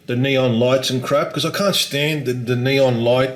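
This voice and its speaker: A man's voice: medium pitch, steady tone, unhurried, roomy sound, rough recording. A man chatting casually in a rambling, self-deprecating vlog, swearing lightly. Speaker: vlogger.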